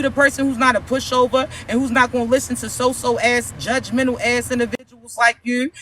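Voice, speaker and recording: High bright-voiced man, scolding rant. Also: a little hiss or hum. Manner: confrontational, profane, scolding; rhetorical questions at an imagined critic. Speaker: spiritual content creator. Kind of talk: preachy spiritual rant.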